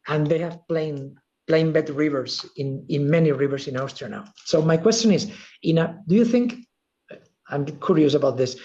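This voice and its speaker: A man from Spain with a Spanish accent, a visiting professor asking a careful, halting, apologetic question at a seminar. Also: a little high, mellow, muffled recording.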